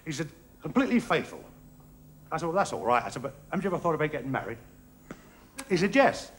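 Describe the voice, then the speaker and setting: Male stand-up, halting and bumbling, lively high-leaning voice; hissy old theatre recording with loud audience laughs. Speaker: stand-up comedian. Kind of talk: stand-up comedy routine. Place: theatre stage before a live audience.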